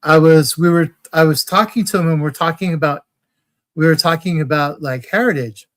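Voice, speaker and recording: Guy on a crochet livestream, rambly story, lots of restarts, kinda high voice. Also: normal speed. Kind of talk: casual livestream chat.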